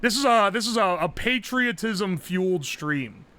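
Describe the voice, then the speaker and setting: A man streaming live, chatting casually, loud and profane, yelling nearly every phrase. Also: sits high, expressive, measured pace. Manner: brash and profane. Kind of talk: casual livestream chat.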